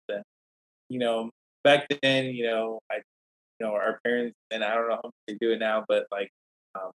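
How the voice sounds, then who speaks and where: A man's voice: on the low side, poor audio. A man, a scholar who is a guest on a podcast, telling a long personal story in a rambling, anecdotal way, with many restarts. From Native American community.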